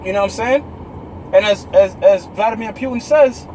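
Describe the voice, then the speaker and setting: A man with a high voice delivers a live-streamed prophecy rant with blunt authority, punching his points home and peppering them with "man" and "all right". Faint street and traffic noise runs underneath. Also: moderate pace, a little mellow, poor audio. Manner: emphatic and authoritative, frequently tagging "man" and "all right", with profanity. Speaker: online show host preaching prophecy.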